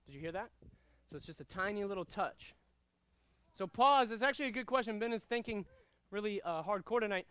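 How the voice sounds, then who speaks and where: A high, smooth-voiced man runs a karate class, calling out drills, counts and commands with energy. He explains technique to his students in a clear, commanding way. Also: expressive, a little fast, fairly bright tone. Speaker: karate instructor. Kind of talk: martial arts class instruction.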